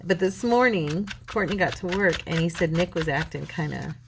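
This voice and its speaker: A woman's voice: on the low side, lively intonation, normal speed, gravelly, background noise. A woman hosting a crafting video, telling a rambling story in casual chat as she works. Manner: rambling, chatty storytelling with many restarts. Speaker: crafting channel host.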